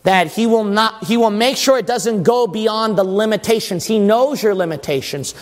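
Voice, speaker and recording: High-voiced preacher in a reverberant hall. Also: male voice, moderate pace. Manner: emphatic, asks the congregation questions. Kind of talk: sermon. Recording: long church reverb.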